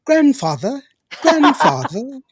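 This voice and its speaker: A man imitating his prim, overly proper young grandchild in a high, loud, precise voice with mocking politeness. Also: wildly swooping pitch, takes it slowly, crowd noise, heavily acted. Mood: mock-polite.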